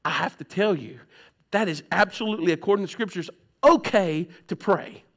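A man preaching a sermon in a very high, sharp voice. He talks to the congregation plainly and conversationally, dropping low and then rising again. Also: moderate pace. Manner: plain-spoken, conversational preaching with sudden soft and loud swings. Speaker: pastor.

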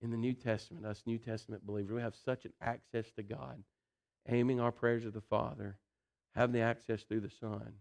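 A man preaching a sermon in a folksy, animated way, swinging between loud emphasis and quiet intensity and often saying "listen" and "you know.". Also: mid-range voice, a little fast, vocal fry.

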